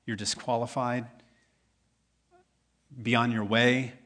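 A man voicing calm teacher Jesus. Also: medium pitch, slow. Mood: earnest.

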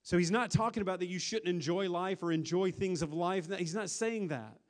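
A male pastor delivers his sermon with an Upper Midwest American accent, his voice sitting a little high for a man. He builds to loud, pressing emphasis and then falls to a soft hush, stumbling over and repeating words as he restarts. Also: moderate pace. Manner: earnest preaching that swells louder and softens to a hush.

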